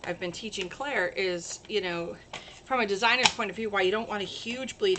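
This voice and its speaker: A woman hosting a casual crafting livestream, chatty and gushing with excitement. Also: medium pitch, moderate pace, slight background noise.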